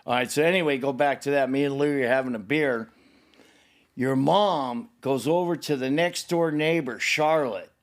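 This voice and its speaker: A man's voice: medium pitch, moderate pace. An older man telling a personal story in conversation with his son. He rambles, swears freely and grows emotional, acting out the people he talks about. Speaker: guest, the host's father.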